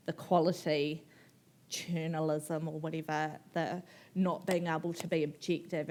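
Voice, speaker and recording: Candid, laughing New woman, low-pitched. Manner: candid, animated, swears, laughs often, acts out quotes. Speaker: author guest at a book festival. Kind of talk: on-stage conversation, personal storytelling.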